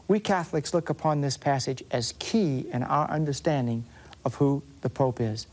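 A Southern US man delivers a Catholic sermon at an unhurried, deliberate pace. He leans on important words and stretches them out for emphasis. His pitch sits in an ordinary middle range. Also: darkish tone. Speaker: Catholic preacher. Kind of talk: sermon teaching on scripture.

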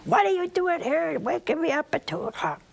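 A stern, irritable monastery superior barks out gruff scoldings, as a woman telling the story puts him on. His voice is pitched a little higher than the teller's own. A clear layer of background noise runs under it. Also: little pitch movement, fast, natural voice.

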